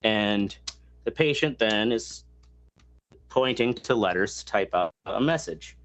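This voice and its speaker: A man's voice: on the low side, expressive, takes it slowly, a bit bright. A man hosting a casual podcast chat, explaining a topic at length with many fillers and crude asides. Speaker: podcast host.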